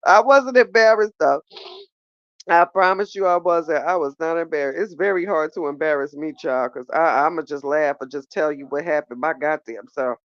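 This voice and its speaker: A woman's voice: low voice, normal speed, no echo, muffled recording. A woman hosting a live call-in chat, talking casually and giggling with her listeners, calling them child and baby.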